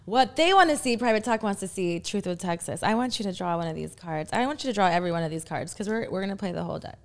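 A woman hosting a casual interview show, teasing her guest in a low, sultry, playful way. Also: animated, fast. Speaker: podcast host.

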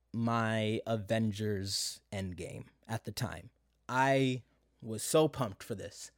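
A man's voice: lowish voice, dry recording, studio quality. A young adult man talking casually and nostalgically to camera, full of asides. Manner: conversational, many fillers and asides. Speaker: vlogger.

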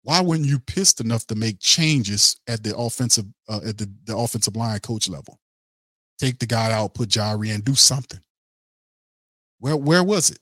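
A man's voice: mid-range voice, animated, moderate pace, pushed and bright, no echo, clean studio sound. A man hosting a sports podcast, ranting in a blunt, heated and profane way to his live chat. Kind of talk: casual sports commentary rant.

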